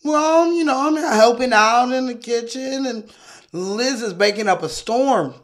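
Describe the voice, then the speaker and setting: A woman's voice: fairly high pitch, a little slow, pitched above the performer's own voice, natural voice. Woman doing a chirpy pushy man chewing cookies. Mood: smug cheery. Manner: chirpy, mouth full, overly friendly.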